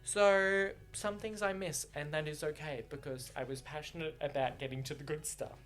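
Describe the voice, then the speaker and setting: Excitable man with a bright voice. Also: fairly high pitch, moderate pace, soft background music. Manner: excitable, swears freely, laughs often. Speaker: book reaction vlogger. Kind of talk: casual chat.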